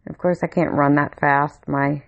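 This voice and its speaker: Low raspy-edged woman ranting through a story, swears a lot, muffled home mic. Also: little pitch movement, moderate pace. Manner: blunt, swears freely, heated when retelling anger. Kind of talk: casual storytelling monologue. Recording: dull lo-fi home recording.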